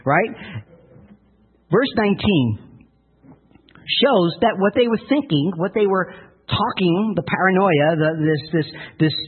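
A man's voice: fairly high pitch, breathy edge. A male pastor preaching a sermon in an earnest storytelling manner, often repeating words. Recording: tinny phone-like lo-fi sound.

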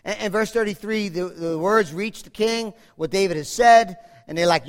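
A man preaching a sermon in a church, animated and dramatic, swinging from loud to hushed. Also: high voice, normal speed, hardly any pauses. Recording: echoey hall reverb.

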